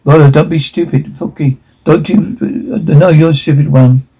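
A man reading audio description, voicing sound cues and dialogue in a flat, even way. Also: a little high, moderate pace, vocal fry, a little hiss or hum, poor audio.

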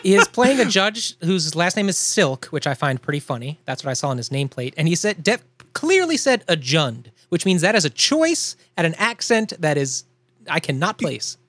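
A man's voice: a little high, very animated, moderate pace, fairly bright tone, dry recording. A man from the Philadelphia area co-hosting a podcast, chatting casually and rambling with frequent self-interruptions. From Northeast Philadelphia region. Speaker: podcast co-host. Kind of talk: casual chat reacting to a TV show.

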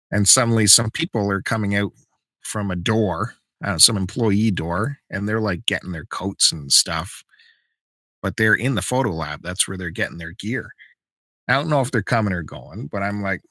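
A podcast host tells a story in casual conversation, animatedly acting out the people in it. His voice is low and moderately paced, captured with studio quality and no room sound.

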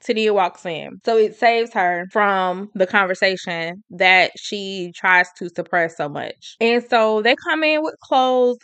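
A woman chatting casually as she recaps a book, slangy and lively, with constant "she was like" asides. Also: medium pitch, dry recording. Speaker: book reviewer.

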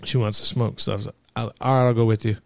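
A man's voice: medium pitch, flat delivery, fast, gravelly, darkish tone, no echo. A man hosting a podcast, talking in loose, profane, joking banter with his friends. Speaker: podcast host. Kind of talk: casual crude banter.

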